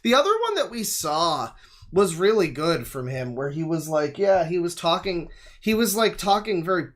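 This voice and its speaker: A man's voice: a little high, animated, moderate pace. Man riffing profanely on a livestream. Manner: rambling, profane, sarcastic riffing. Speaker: livestream host reacting to a video. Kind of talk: casual reaction commentary.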